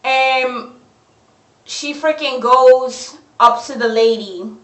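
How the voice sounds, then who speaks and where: A young woman tears into a horror film, cursing freely in casual slang. Her voice sits a little high. She is recorded on a phone set back from her in an echoey room. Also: slow pace, a bit bright, recorded from a distance. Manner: profane, blunt, slangy. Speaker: movie reviewer. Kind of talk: ranting movie review.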